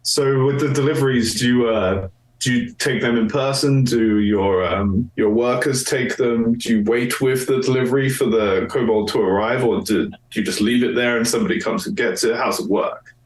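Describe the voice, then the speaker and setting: A man's voice: medium pitch, moderate pace, reverberant, recorded from a distance, poor audio. A man playing a tabletop game, speaking hesitantly with many fillers. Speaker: player. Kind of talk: casual tabletop game play.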